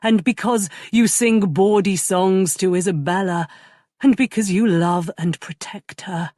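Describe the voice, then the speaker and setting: A woman voicing a tender, remorseful young nobleman in love, speaking softly and earnestly. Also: mid-range voice, unhurried, no echo, studio quality, natural voice. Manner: soft, earnest and intimate.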